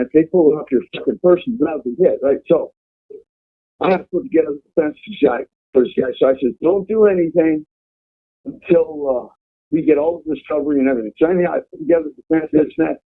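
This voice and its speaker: Male guest, slightly high and raspy, swears freely and rambles, heard over a phone line. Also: fast. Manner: profane, rambling. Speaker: guest telling prison stories. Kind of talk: casual storytelling.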